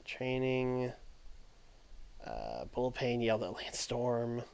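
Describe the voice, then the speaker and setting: A man's voice: medium pitch, very animated, slow, gravelly, darkish tone, clean tone. Chatty man streaming a game. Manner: chatty, thinks aloud, talks to chat. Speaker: livestreamer. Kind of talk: casual game commentary. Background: faint background music.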